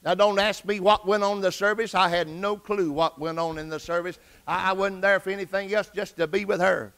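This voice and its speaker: Gravelly, bright-voiced preacher man. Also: high-pitched, brisk. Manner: personal testimony, rising to excited outbursts. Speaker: pastor. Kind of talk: sermon.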